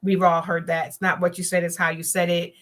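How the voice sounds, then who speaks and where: Emphatic woman with a bright, tense voice. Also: on the low side, flat delivery, a little fast. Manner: emphatic, preachy, acts out quotes in voices. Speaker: talk show host. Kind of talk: live-streamed radio talk commentary.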